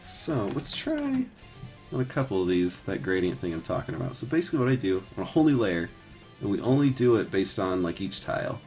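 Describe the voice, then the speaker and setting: Laid-back man in his thirties, slightly low-pitched, talks in loose rambling asides full of fillers and casual swearing; faint guitar music underneath. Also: very animated, brisk, darkish tone. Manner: rambling, filler-heavy, swears and laughs easily. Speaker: 3D artist streaming his texturing work. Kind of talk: casual chat while painting live.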